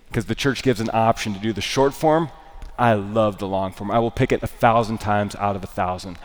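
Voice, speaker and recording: A man with a hoarse, smoker-like rasp preaching a sermon, lively and emphatic, repeating key phrases. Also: lowish voice, in a large hall.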